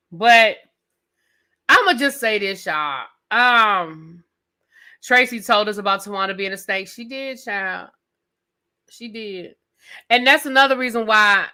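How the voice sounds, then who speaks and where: A woman's voice: mid-range voice, takes it slowly, long pauses. A woman hosting a live review stream, ranting casually and calling out to her viewers with sassy asides and repeated questions. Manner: sassy, talks straight to chat with "y'all" and "baby"; animated, repeats questions for emphasis.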